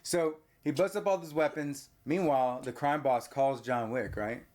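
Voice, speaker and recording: A man hosting a podcast who recaps a movie in a lively, chatty way and keeps prompting his co-host with questions. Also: medium pitch, moderate pace. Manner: animated, retelling plot and prompting with questions. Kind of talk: casual chat recapping a movie.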